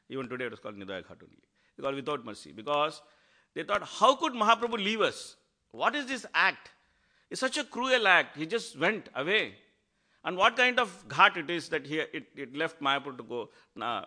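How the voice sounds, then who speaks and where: Animated man giving a devotional talk. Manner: animated storytelling, acts out quotes with rising pitch. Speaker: speaker at a devotional class.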